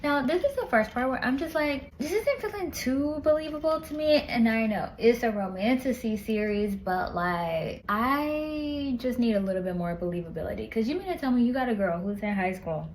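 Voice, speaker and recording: A woman talks through a book review in loose, slangy chat, full of asides and playful retellings. Her voice sits a little high. A faint hiss runs under the recording. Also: moderate pace, hardly any pauses, poor audio. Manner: animated, slangy storytelling with lots of asides.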